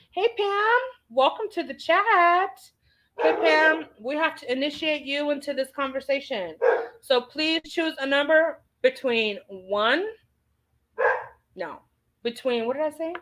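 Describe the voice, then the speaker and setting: A woman's voice: sits high, unhurried, a bit bright, a little hiss or hum, rough recording. A woman hosting a casual livestream, reading viewer comments aloud and answering them with chatty, playful exclamations. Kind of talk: casual chat.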